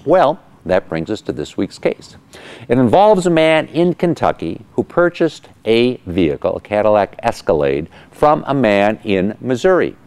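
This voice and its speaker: A man hosting a weekly legal explainer as an attorney, telling a case as an animated story and acting out the people in it. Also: medium pitch, normal speed, smooth. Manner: animated storyteller, acts out quotes. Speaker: attorney host of legal segment.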